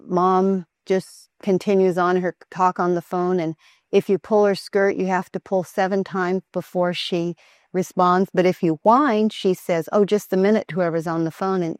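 Calm, earnest woman with a lower voice, giving a practical parenting lesson; dry, close sound. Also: no echo. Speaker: mother teaching parenting. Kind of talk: instructional talk on Christian child training.

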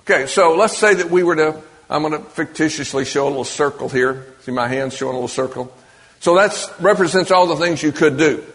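A preacher speaks briskly in a fairly high, slightly bright voice. Addressing the congregation like a conversation, he often asks the audience questions, and the church or meeting hall produces a long, large-hall reverb.

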